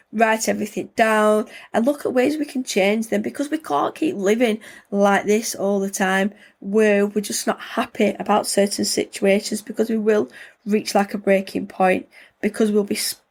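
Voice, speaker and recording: A woman's voice: medium pitch, gravelly. A woman, hosting a podcast in a casual, rambling chat with lots of fillers. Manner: chatty, rambling, many fillers like "like" and "you know". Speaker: podcast host.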